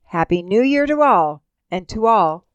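A woman's voice: medium pitch, animated, unhurried, smooth, dry recording, highs cut off. A woman co-hosting a radio-style show, reading a comic rhyming poem in a sing-song way. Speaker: co-host.

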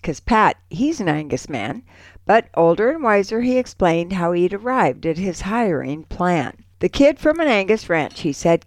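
A woman's voice: mid-range voice, dry recording. A woman co-hosting a radio show, reading a folksy ranch poem aloud. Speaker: radio co-host.

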